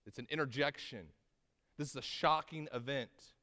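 A man preaching a sermon, telling the story with rising intensity at dramatic moments and slowing to stress key words, often asking his listeners "right?". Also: medium pitch, bright, forceful tone, big-room sound. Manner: conversational with tag questions and restarts. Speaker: pastor.

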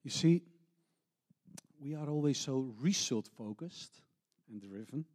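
A middle-aged man preaching a heartfelt sermon, telling stories in an earnest, unhurried way. His English has non-native phrasing and he often restarts his words. His pitch sits in an ordinary middle range. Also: lively intonation, a little mellow. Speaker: missionary pastor.

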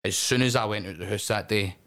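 A middle-aged Scottish man with a slightly low voice, chatting on a podcast. He tells animated stories, swears freely and often breaks into laughter. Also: fast. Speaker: wrestling promotion owner, guest. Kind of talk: casual podcast chat.

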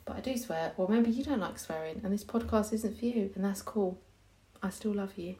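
On her podcast, a young hypnobirthing teacher chats candidly and casually, often breaking into laughter. She speaks fairly quickly in a medium-pitched voice with a dark tone.

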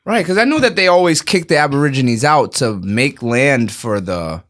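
Animated man with lively pitch, casual chat. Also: moderate pace. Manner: animated, laughing, easygoing. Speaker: podcast co-host.

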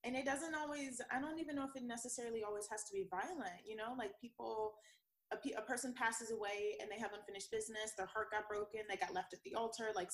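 A woman's voice: mid-range voice, a bit bright, poor audio. A young woman chatting casually on a podcast, rambling through her thoughts with lots of fillers and frequent laughter.

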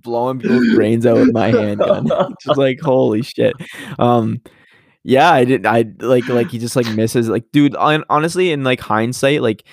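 A man's voice: medium pitch, moderate pace, dry recording. A young man in casual chat, rambling with many fillers and acting out characters' lines.

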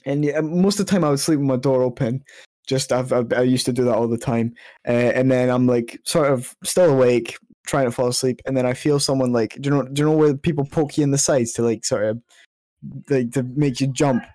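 A man's voice: medium pitch, steady tone, a little fast, dark tone, dry recording. A young man hosting a podcast, chatty and jokey with frequent swearing. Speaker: podcast host. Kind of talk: casual podcast chat.

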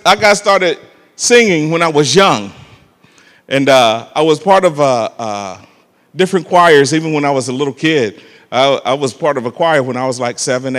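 A man preaching a sermon and telling a personal story, emphatic and animated, calling out to the congregation for amens. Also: medium pitch, big-room sound. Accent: African American church preaching. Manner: emphatic and animated, calls "amen" and "come on" to the congregation.

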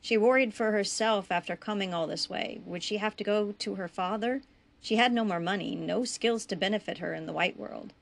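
A woman reading her own western story aloud in a measured, even narration. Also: medium pitch, gravelly.

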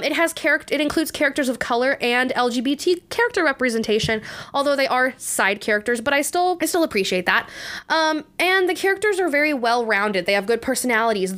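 A woman's voice: a little high, a bit bright. A young woman hosting a casual book review podcast, chatty and congested, with many fillers and restarts and frequent laughter. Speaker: podcast host.

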